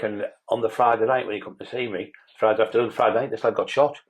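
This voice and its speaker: Fast-talking low-voiced man. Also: steady tone, poor audio. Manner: rambling, blunt, swears freely. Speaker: guest. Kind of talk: casual interview storytelling.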